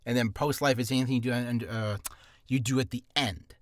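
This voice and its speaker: A man's voice: medium pitch, steady tone, a little fast, no room sound. A man teaching voice acting in a casual tutorial, rambling with asides and poking fun at himself. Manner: rambling and self-deprecating, full of asides.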